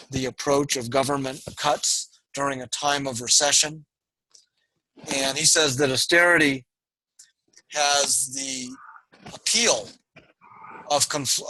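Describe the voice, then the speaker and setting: A male lecturer teaching an online university class. His voice is bright and forceful, at a middle pitch for a man. He talks in a discursive way, full of fillers, asides and restarts. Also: dry recording, low-quality recording.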